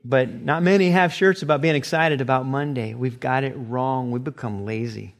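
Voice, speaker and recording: A middle-aged man preaching a sermon as pastor, animated, sometimes acting out short quoted exchanges. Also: mid-range voice, normal speed.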